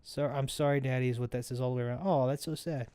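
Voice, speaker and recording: A man's voice: medium pitch, quick pace, dark tone, clean tone, no room sound. A man casually commentating a video game he plays, rambling and often correcting himself mid-sentence. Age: adult parent. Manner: rambling, self-correcting, chatty. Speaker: let's play host.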